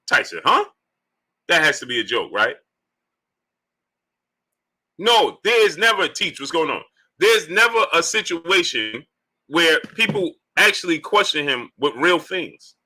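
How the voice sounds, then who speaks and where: A man hosting a live stream, giving boxing commentary in lively bursts and greeting viewers by name from the chat. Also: high-pitched. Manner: animated, greets viewers by name between points. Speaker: livestream host.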